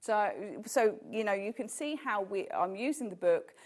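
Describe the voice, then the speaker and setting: A woman's voice: mid-range voice, expressive, normal speed. A woman demonstrating her craft products on a live shopping show, talking casually and enthusiastically as she works. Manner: enthusiastic, casual, talks while working. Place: TV studio.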